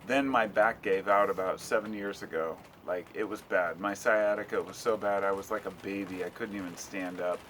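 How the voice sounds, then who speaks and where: Laid-back lower-voiced American man rambling. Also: fairly even intonation, normal speed, few pauses, fairly bright tone, slight background noise. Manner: loose, rambling, swears casually. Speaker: vlogger. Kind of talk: casual rambling monologue. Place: at home.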